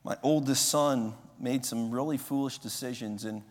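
A pastor in his forties preaching a sermon in a conversational way, with loud emphatic bursts. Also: mid-range voice, normal speed. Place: church sanctuary. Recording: long hall reverb.

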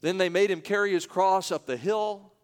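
A pastor preaching a morning sermon with dramatic swings between loud emphasis and hushed, slow passages. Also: male voice, high-pitched, clean tone, big-room sound.

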